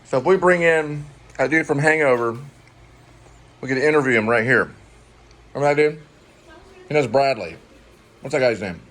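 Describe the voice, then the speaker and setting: A man's voice: mid-range voice, moderate pace, pauses often, a bit bright. A middle-aged man, co-host of a home vlog, chatting casually over a meal and often losing his train of thought.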